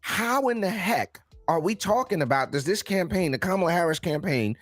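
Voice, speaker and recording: A man's voice: sits high, lively intonation, moderate pace, no echo, faint music behind. A man co-hosting a political talk show, emphatic and incredulous, laughing often as he comments.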